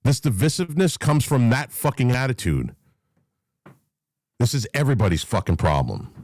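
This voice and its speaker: A man's voice: medium pitch, very animated, normal speed, a little mellow, no room sound. Angry profane man. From New York, USA. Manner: angry, profane, emphatic, repeats himself. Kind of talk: heated live chat rant.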